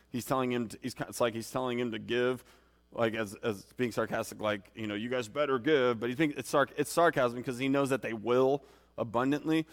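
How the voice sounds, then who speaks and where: A man's voice: medium pitch, vocal fry, long reverb tail. A man preaching an informal sermon in a conversational, rambling way, with many restarts and fillers.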